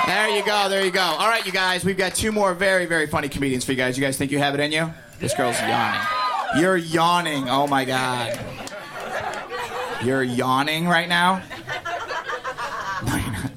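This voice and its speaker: A man hosting a comedy show, loud and teasing the audience in crowd work. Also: on the high side, normal speed. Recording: loud crowd in a noisy club.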